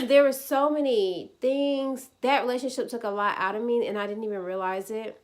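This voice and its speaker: A woman's voice: fairly high pitch, normal speed. A woman in her twenties casually telling a personal faith story to viewers, chatty and full of "like" fillers. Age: 20s. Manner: chatty, many "like" fillers, speaks to viewers as "y'all". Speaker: vlogger sharing a personal testimony.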